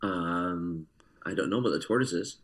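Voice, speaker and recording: A man, an actor guest telling an animated story with frequent laughs over a video call. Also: deep voice, moderate pace, poor audio. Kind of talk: casual storytelling interview.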